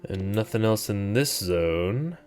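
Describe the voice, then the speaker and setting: Wry, deep-voiced game streamer. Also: male voice, expressive, slow pace, darkish tone, soft background music. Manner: wry, sarcastic, laid-back. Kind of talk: casual gameplay commentary.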